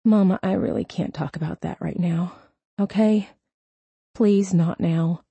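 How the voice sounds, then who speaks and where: A woman's voice: lowish voice, expressive, moderate pace, warm tone, husky, dry recording. A woman reading an audiobook, voicing a guarded young adult daughter who talks back to her mother petulantly. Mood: tearful. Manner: petulant, defensive.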